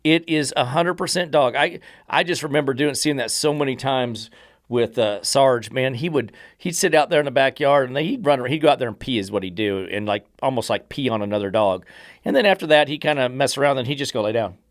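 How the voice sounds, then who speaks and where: A man's voice: mid-range voice, fairly quick, no room sound. Blunt, emphatic man with a dry close sound. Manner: blunt, emphatic, swears, acts out dogs' thoughts. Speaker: dog trainer and podcast host. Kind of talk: casual podcast chat.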